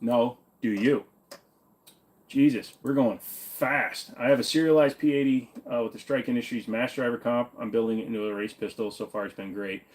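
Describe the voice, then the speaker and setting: A man's voice: mid-range voice, steady tone, moderate pace, darkish tone. A man hosting a livestream, reading viewer questions aloud and answering them offhand in casual, jokey chat with the odd swear.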